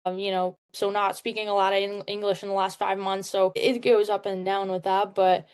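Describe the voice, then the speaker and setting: A woman's voice: mid-range voice, little pitch movement, a little fast, a little mellow, clean tone. A young woman in her twenties, a Czech-born hockey player, chatting casually as an interview guest with many "like"s. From Czech Republic. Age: 20s. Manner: chatty, lots of "like", upbeat.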